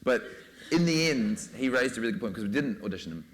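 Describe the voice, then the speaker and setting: A man's voice: medium pitch, animated, fast talker. A man speaking as a film director on a panel, rambling casually with many fillers. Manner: rambling, full of "you know" and "like".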